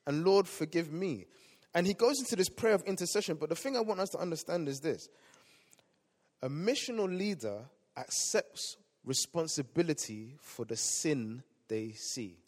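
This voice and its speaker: A male pastor preaching a sermon, swinging between loud emphatic lines and quiet asides. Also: on the high side, lively intonation, moderate pace. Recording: long hall reverb.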